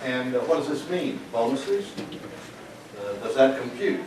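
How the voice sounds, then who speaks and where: A man's voice: mid-range voice, lively intonation, unhurried, crowd noise. An older man giving an economics lecture to a live audience, folksy and anecdotal, with frequent fillers and questions put to the room. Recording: echoey lecture room from a distant mic, noisy.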